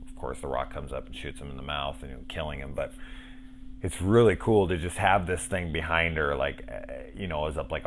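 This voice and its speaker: Very deep-voiced, excited film reviewer man. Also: slight background noise. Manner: enthusiastic, rambling with restarts and profanity. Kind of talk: casual review monologue.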